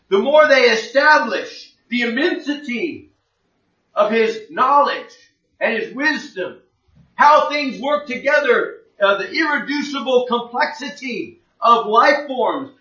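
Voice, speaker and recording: A man teaches the Bible in a plain-spoken, conversational sermon, fond of rhetorical questions. His voice is extremely high, pushed and bright, captured by a distant mic in an echoey room with dull lo-fi sound.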